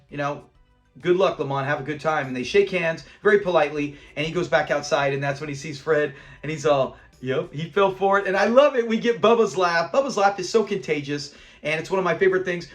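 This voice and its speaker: High-voiced man reviewing an old sitcom. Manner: animated, retells scenes, acting out characters' lines. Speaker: host of a sitcom review channel. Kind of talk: casual episode review commentary.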